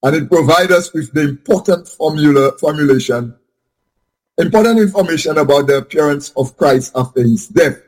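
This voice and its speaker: A man with a slightly high, husky voice talks through a scripture point in a Bible study discussion. He stumbles, repeats words and circles back as he searches for the right phrasing. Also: moderate pace, a little mellow.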